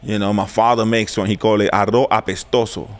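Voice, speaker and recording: Casual host: man, Puerto Rican New York accent, slangy and profane, quick to laugh. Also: fairly low pitch, little pitch movement. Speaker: podcast host. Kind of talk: casual chat.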